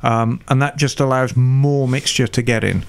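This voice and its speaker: A man's voice: mid-range voice, fairly even intonation, normal speed, gravelly, clear, resonant tone. An older man explaining motorcycle carburetor tuning with confidence, step by step, in a casual chat. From England. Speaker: motorcycle mechanic expert.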